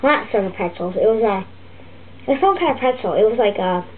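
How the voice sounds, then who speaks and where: A woman voicing a fussy, griping turtle puppet teacher, rambling and halting with many restarts. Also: mid-range voice, lively intonation, close to an everyday voice. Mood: grumbling. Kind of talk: comic puppet vlog monologue. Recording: tinny lo-fi phone-like audio with faint hiss.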